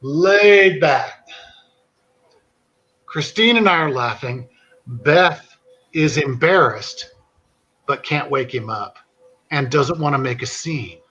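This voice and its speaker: Guy spinning a funny story real slow, keeps cracking up, kinda breathy, muffled lo-fi sound. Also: a little high. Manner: animated anecdote teller, laughing through his story. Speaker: podcast host. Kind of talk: casual storytelling.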